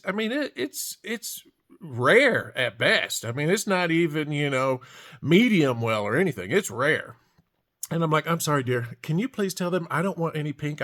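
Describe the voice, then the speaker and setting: A man tells a casual, rambling story, repeating words and circling back as he goes. His voice sits a bit higher than most men's. The delivery is loose and folksy. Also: a bit bright. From Alabama. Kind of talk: casual anecdote told to camera.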